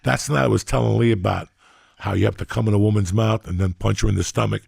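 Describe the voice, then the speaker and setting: A man's voice: lowish voice, fairly even intonation, fast, gravelly, a little mellow, slightly rough, dry recording, studio quality. A man hosting a podcast, telling boisterous, crude stories in casual chat. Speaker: podcast host, comedian.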